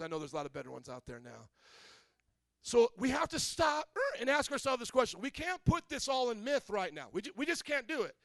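A man's voice: high-pitched, a bit bright, clear, resonant tone, no room sound. A man from Indiana, a pastor giving a conversational sermon, joking and quizzing the congregation with questions. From Indiana, USA.

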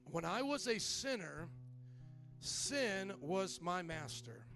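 A man delivers a sermon as pastor, his voice pitched high with a gravelly fry running through it. He drives points home by repeating them and prompting the congregation to answer back, with a soft guitar playing behind him. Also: sing-song, takes it slowly. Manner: repetitive preaching with call-and-response.

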